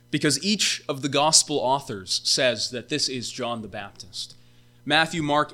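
Man, pastor, sermon, bright ringing voice, emphatic preaching. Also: mid-range voice. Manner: emphatic preaching with rhetorical questions.

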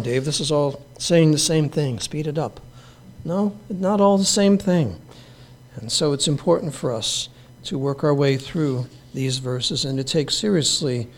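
A man preaching a sermon, earnest and measured, leaning on emphatic repetition. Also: a little high, a little mellow. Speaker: pastor.

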